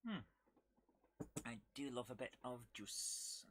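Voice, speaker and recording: A woman hosting a casual retro gaming live stream, chatting with viewers and reacting excitedly while she plays. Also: extremely low pitch, slow, a little hiss or hum. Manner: chatty, reads viewer comments aloud, bursts of excitement while playing.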